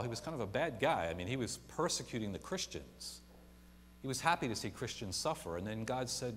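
A man's voice: fairly low pitch, animated, fairly quick. Man preaching in a reverberant church. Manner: swings from quiet to loud and emphatic, voices imagined people. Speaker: pastor. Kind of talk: sermon. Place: church sanctuary. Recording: long church reverb, faint hum.

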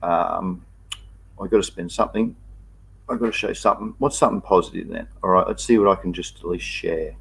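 Laid-back Australian man, lowish voice. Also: steady tone, brisk, vocal fry, breathy edge. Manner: reads viewer comments aloud and greets them by name. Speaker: livestream host. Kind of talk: casual livestream chat.

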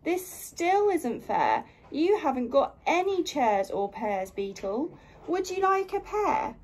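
A woman voicing a big, good-natured female bear from a picture book, in a lively, emphatic read-aloud voice. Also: sits high, takes it slowly, pitched above the performer's own voice, exaggerated voice.

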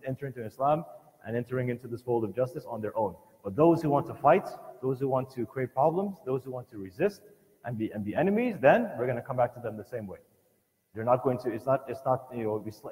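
A man's voice: mid-range voice, a little mellow. Earnest man lecturing in a reverberant hall. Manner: earnest, emphatic storytelling with frequent restarts. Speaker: lecturer at a community family program. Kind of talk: religious lesson retelling a scholar's life.

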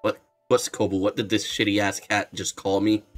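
A man's voice: on the low side, little pitch movement, normal speed, soft background music. A young man streaming a game readthrough, chatting casually with a sarcastic, jokey manner and some swearing. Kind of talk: casual gaming commentary.

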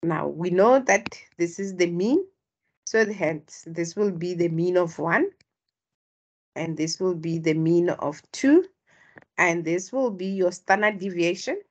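Husky female stats tutor, low-pitched, slow and deliberate, prompting her class. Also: highs cut off. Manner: explains step by step, prompts students to respond. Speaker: statistics tutor. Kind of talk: online tutorial.

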